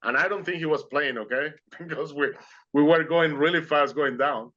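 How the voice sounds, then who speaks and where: A man's voice: on the high side, moderate pace, bright, forceful tone, dull audio. A man speaking as an interview guest, telling his story earnestly and animatedly in non-native English phrasing over a video call.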